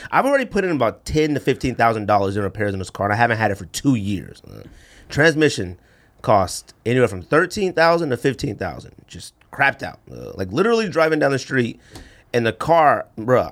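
Animated man with lively, jumping pitch. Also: fairly quick. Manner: animated storyteller, acts out quotes with big pitch jumps; slangy, says bruh and man a lot. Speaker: podcast co-host. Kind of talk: casual chat.

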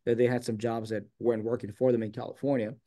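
A man's voice: mid-range voice, fast. A man from San Diego, a guest on an interview show, telling a long personal story in a casual way and acting out the quoted lines. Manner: animated, acts out quoted dialogue.

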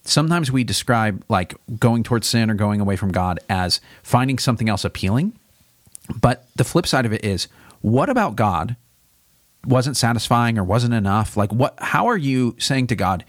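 With a mid-range voice and a slightly fast pace, a man who pastors and co-hosts a podcast discusses a Bible chapter thoughtfully and casually, turning animated as he voices God's questions. The studio-quality recording has no echo.

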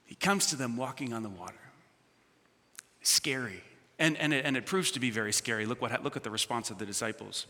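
A male pastor preaching a sermon, swinging from shouts to hushed near-whispers and calling on the congregation to answer back. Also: mid-range voice, a little fast. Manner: asks the congregation questions and calls for responses. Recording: long reverb of a big hall.

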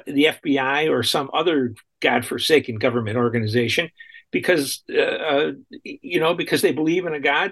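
A man's voice: fairly high pitch, fairly bright tone. A man co-hosting a talk radio show, speaking indignantly and often repeating and restarting his phrases.

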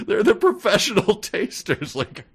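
A man's voice: fairly low pitch, very animated, normal speed. A man co-hosting a comedy podcast, wryly riffing on a book's plot with mock dialogue. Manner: wry, riffs with mock dialogue. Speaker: podcast co-host. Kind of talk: comedic book-reading podcast chat.

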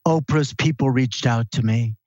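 Dude doing a flat curt self-absorbed lady, barely acted. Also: medium pitch, moderate pace, no room sound, muffled recording, close to an everyday voice. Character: self-absorbed young woman, flat and aloof.

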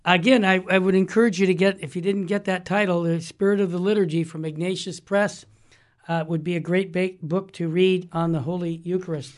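A man's voice: high-pitched, fairly even intonation, brisk. A man in his sixties hosting a religious talk show, telling stories in an emphatic, rambling way. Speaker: Catholic radio host. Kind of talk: casual talk show discussion.

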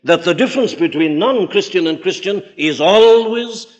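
An emphatic male preacher delivering a sermon. His voice sits a little high for a man and swings widely in pitch, leaping up on key words and sinking low and quiet for contrast. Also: animated, normal speed.

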